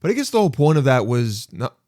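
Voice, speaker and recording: Man, podcast host, casual storytelling, animated, self-mocking, swears, mid pitch, dry close sound. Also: quick pace, no echo.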